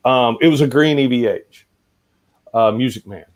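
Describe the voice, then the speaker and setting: A man's voice: medium pitch, normal speed. A man chatting as an interview guest, hesitant and meandering as he recalls an old guitar. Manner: hesitant, many fillers and restarts. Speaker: guest musician. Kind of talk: casual storytelling.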